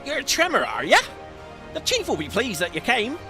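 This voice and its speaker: A man's voice: extremely high pitch, huge pitch swings, normal speed, voice pushed up, exaggerated voice. A man voicing a chatty old male sailor who tells an old-timey seafaring yarn, reading game dialogue aloud. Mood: spinning a yarn. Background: game music.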